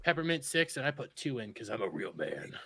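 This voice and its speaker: A man hosting a podcast in casual chat, joking and rambling through quick asides. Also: mid-range voice, sing-song, gravelly, a bit bright, slight background noise. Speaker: podcast host.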